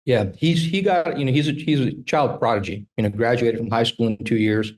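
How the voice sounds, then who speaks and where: A man in his fifties, a trial lawyer telling animated stories in a casual interview and acting out the dialogue. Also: mid-range voice, a little fast.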